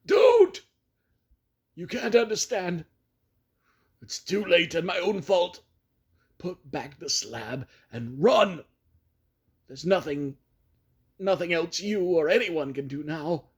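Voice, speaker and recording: A man's voice: a little high, slow, long pauses, darkish tone, pitched above the performer's own voice. A man voicing a desperate young man trapped underground, pleading and crying out in panic. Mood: frantic. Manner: frantic, pleading, breaking into shrieks.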